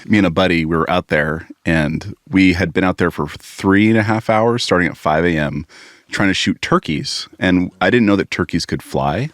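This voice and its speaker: A man on church staff, casually telling a story with animated energy and frequent laughs. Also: deep voice, normal speed.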